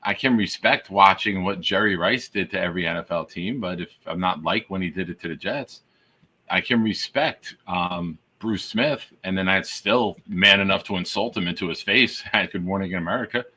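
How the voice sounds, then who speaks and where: A man's voice: low-pitched, moderate pace, sharp tone, husky. A man hosting a casual sports talk show, teasing his co-host in a wry way.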